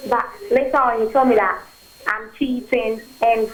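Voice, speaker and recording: Quiet woman calling into a show, hesitant and unsure, a bit high. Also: fairly even intonation, moderate pace, rough recording. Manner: hesitant, soft, confused. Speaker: phone-in caller. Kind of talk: call-in confession.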